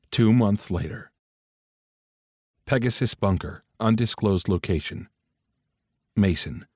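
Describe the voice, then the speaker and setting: A man narrating an audiobook in a measured, even storytelling manner. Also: low-pitched, dry recording. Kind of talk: scripted narration. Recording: dry close studio mic.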